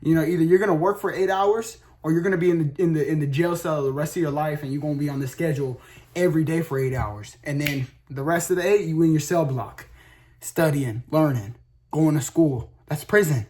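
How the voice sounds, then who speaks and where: Animated young man rambling in slang. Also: fairly high pitch, a little fast. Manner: animated, rambling, slangy, swears a lot, bursts into loud shouts and laughs. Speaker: streamer telling a story. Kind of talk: casual storytelling monologue.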